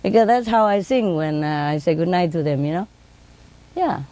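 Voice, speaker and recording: A woman telling casual stories in simple, broken English, laughing often and mimicking her birds in high sing-song tones. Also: expressive, normal speed, dark tone. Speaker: speaker telling stories about her pets. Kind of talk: casual storytelling.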